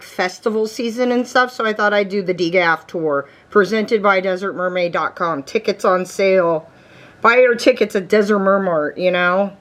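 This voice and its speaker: A woman's voice: on the low side, a bit bright. A woman vlogging casually at home, reacting bluntly and swearing freely as she talks to her viewers. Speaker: lifestyle vlogger.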